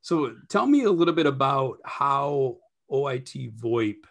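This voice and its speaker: Slow-talking male webinar host. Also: mid-range voice, gravelly. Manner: relaxed, loose, hesitant fillers. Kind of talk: casual conversation.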